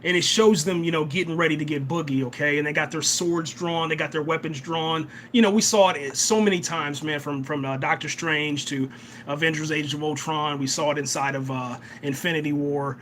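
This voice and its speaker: A young man hosting a live reaction and review of a TV episode, excitable, often repeating himself and tacking "man" onto his sentences. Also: on the high side, a little fast, slight background noise. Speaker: reaction channel host.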